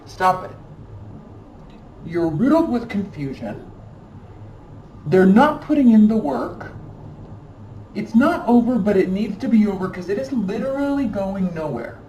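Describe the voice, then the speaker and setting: A woman's voice: mid-range voice, big pitch swings, a little slow, warm tone, muffled recording. A woman giving a tarot card reading in an emphatic, scolding way, repeating phrases for stress. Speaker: tarot reader. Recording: echoey room, mic at a distance, faint background noise.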